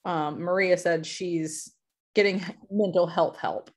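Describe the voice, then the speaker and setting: A woman's voice: lowish voice, fairly even intonation, slow, a little mellow. A woman teacher chatting casually with her class over a video call, laughing easily. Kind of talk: casual online class chat.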